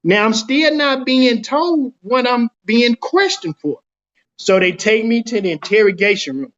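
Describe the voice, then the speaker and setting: A middle-aged man recounts his own experience in a casual interview, slipping into the voices of others as he tells it. His voice sits high for a man. The recording sounds a little dull. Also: measured pace. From Dallas, Texas. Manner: animated storyteller acting out quoted dialogue. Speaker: guest telling his own story.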